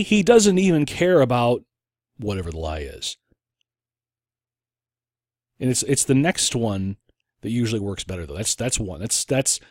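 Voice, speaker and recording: A man's voice: fairly low pitch, no echo, studio quality. A man hosting an opinion podcast, talking in a casual monologue and often stopping to restart his sentences. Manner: animated, with frequent restarts and acted-out quotes. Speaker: podcast host.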